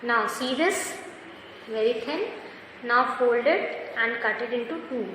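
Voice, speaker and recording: Lady teaching kids crafts, slow and patient, higher voice, real echoey room with long reverb. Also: a bit bright, a little hiss or hum. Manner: slow, patient, instructive, praising often. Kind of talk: step-by-step craft lesson for children.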